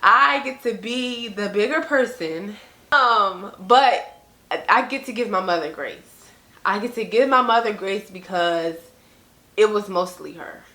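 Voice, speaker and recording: There's a noticeable room echo as a young woman vlogs in a casual, sincere monologue, her bright, forward voice at medium pitch and a measured pace. She's conversational, frequently saying "like" and "you know," and drops into lively quotes of other people.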